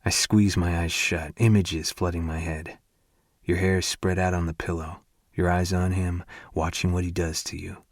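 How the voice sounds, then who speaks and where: Deep-voiced man narrating a romance audiobook. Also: flat delivery, moderate pace, no echo, studio quality. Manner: intimate, hushed and breathy.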